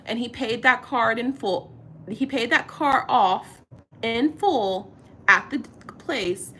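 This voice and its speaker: A woman in her thirties chatting casually on camera, retelling a story in an animated, exasperated way, quoting what people said. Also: on the high side, slow pace, a little hiss or hum. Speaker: vlogger.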